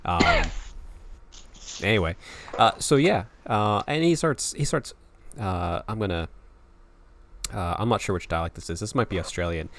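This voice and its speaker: A man's voice: on the low side, normal speed, long pauses, noisy background. A young man hosting a casual video-call podcast, rambling, laughing and swearing freely. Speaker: podcast host. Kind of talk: casual chat.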